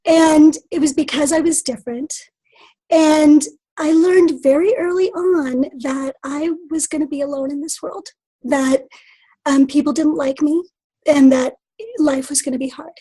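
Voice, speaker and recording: A woman from the Midwest speaks as a podcast guest, reflecting earnestly on her past. Her voice sits high but has a mellow, warm tone. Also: steady tone, a little slow, rough recording. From Midwest of the United States. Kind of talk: personal storytelling in interview.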